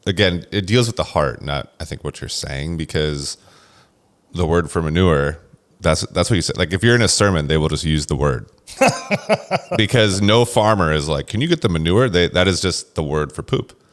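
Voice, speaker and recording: A man's voice: deep voice, expressive, moderate pace. A man hosting a podcast, chatting in a laid-back way with joking asides. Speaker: podcast host. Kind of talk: casual podcast discussion.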